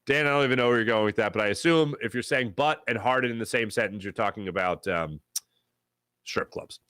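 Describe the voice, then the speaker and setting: A man hosting a live sports talk show, reading viewer chat in a jokey, animated way and greeting chatters with loud excitement. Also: medium pitch, quick pace, clear, resonant tone, no room sound.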